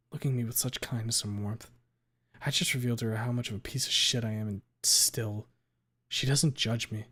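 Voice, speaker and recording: A man streaming himself reading a fan fiction aloud in an emotional first-person style, rushing some passages and stretching others out. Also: medium pitch, bright, forceful tone, husky. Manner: emotional, pace swinging between rushed and drawn out.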